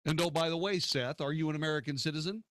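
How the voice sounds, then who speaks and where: A man hosts a political talk radio show, arguing combatively through rhetorical questions. His voice sits a bit high for a man, and the recording is dry and close. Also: fast, fairly bright tone, no room sound.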